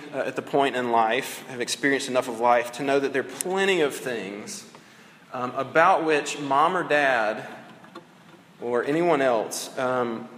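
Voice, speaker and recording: A man's voice: mid-range voice, a bit bright, a little hiss or hum. A man in his thirties preaching a sermon in a conversational way, with fillers and restarts. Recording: echoey hall with long reverb.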